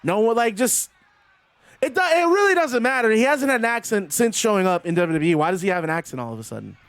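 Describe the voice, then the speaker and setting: A man's voice: sits high, expressive, quick pace, a bit bright. A man calling a simulated wrestling match in casual play-by-play, rambling between the moves and answers to chat.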